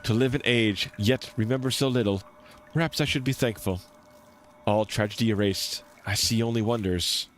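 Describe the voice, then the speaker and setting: A man voicing a calm, wistful male explorer in a game, reading softly with small slips. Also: on the low side, normal speed, faint music behind, natural voice. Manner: soft, reflective reading with slips.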